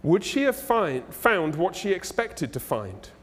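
A male pastor preaching a sermon in a conversational, animated and humorous way, in a church. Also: high voice, a little slow. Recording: echoey hall.

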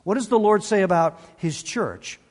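Pastor, male, emphatic sermon delivery with repeated words, higher voice, long church reverb. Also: lively intonation, normal speed. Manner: emphatic, repeats key words, asks the congregation questions. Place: church sanctuary.

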